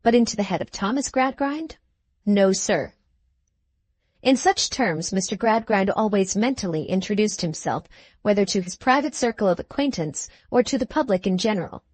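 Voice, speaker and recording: A woman reading an audiobook in measured, even scripted narration. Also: medium pitch, no echo.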